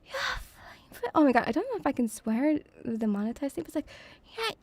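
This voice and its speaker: A woman's voice: high-pitched, big pitch swings, quick pace, darkish tone, no echo. A woman streaming as a VTuber, chatting in a playful, doting, rambling way. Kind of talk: casual debut stream chat. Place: home room, near pubs.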